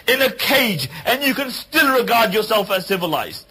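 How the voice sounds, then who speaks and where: A man's voice: high voice, big pitch swings, moderate pace, few pauses, bright, forceful tone, husky, poor audio. A man giving an Islamic lecture, telling a story in an earnest, emphatic way and repeating key lines for weight. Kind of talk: storytelling sermon.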